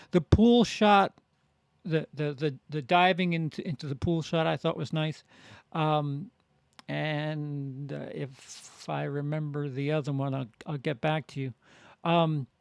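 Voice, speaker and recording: Guy rambling thru a film review, stops and restarts a lot, gravelly voice, dry close sound. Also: fairly high pitch, no room sound. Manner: halting, many restarts and fillers. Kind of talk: casual spoken review.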